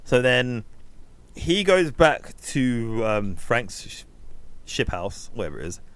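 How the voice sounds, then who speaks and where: A man in casual chat, recapping a film's plot and acting out characters' lines in quick asides. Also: mid-range voice, very animated, fairly bright tone, clear, resonant tone. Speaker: film review podcast co-host.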